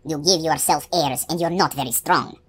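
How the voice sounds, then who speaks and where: A woman doing a gravelly, sneering thief. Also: on the high side, normal speed. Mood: mocking. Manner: gravelly, mocking. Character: coarse, sneering male thief, heavy and smug.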